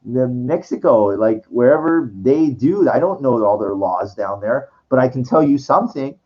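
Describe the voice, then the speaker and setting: A man's voice: medium pitch, animated, moderate pace, warm tone. A man telling a rambling personal story full of restarts and swearing, breaking into quoted voices. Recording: dull lo-fi recording.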